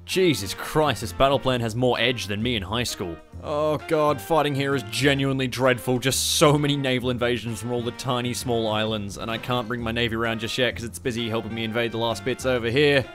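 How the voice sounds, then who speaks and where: An Australian man chats his way through a strategy game, swearing freely and tossing off sarcastic asides, his voice at an everyday middle pitch. Faint guitar music plays underneath. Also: steady tone, fairly quick, hardly any pauses, fairly bright tone. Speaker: gaming YouTuber. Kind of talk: casual gameplay commentary.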